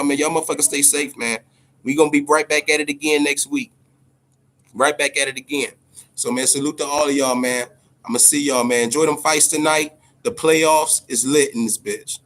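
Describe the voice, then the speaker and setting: A man hosting a boxing podcast, talking loosely and with lots of profanity, ending nearly every phrase with "man". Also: mid-range voice. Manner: loose, profane, animated, keeps tagging "man" on every line. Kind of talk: casual profane monologue.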